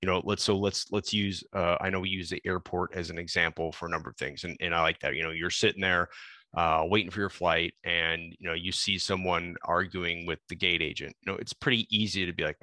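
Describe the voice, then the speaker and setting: A man with a very low voice and a bright, forceful edge talks things through on a podcast, building his point from everyday examples. He sounds conversational, recorded close and dry. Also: fairly even intonation, fairly quick, no room sound. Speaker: podcast co-host. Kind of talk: casual podcast discussion.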